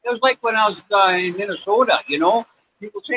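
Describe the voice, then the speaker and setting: This American livestreamer talks fast and expressively in a high, slightly rough voice. Sitting at home in Cambodia, he rambles casually through viewers' questions, leaning on lots of fillers. The recording sounds slightly dull, with faint background noise.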